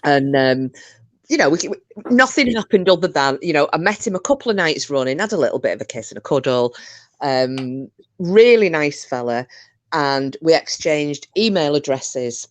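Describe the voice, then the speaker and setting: A woman's voice: low voice, lively intonation, moderate pace, no echo. A woman hosting a casual chat, telling stories with frequent laughter and the odd swear. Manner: chatty storyteller, laughs often, swears. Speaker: stream host.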